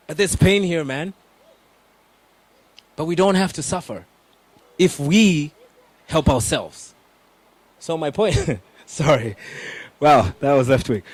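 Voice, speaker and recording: A young man giving an energetic motivational talk on public speaking, addressing the audience directly with emphatic questions. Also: on the high side, dry recording.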